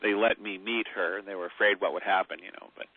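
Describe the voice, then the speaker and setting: A man with a low voice tells rambling stories full of fillers as a guest on a radio interview. His voice comes over a tinny phone line, dry and close. He speaks in an easy, unhurried way. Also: fairly even intonation, no room sound. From Mi'kmaq heritage. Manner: rambling storyteller, many fillers. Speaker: author guest.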